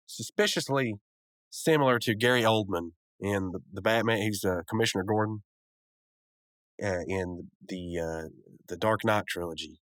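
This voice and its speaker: Guy podcasting about a cartoon ep, kinda rambly and sick-sounding, deep-ish voice, dry room. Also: fairly bright tone, no echo. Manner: rambling, full of fillers and restarts. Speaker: podcast host reviewing cartoon episodes. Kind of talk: casual recap and review.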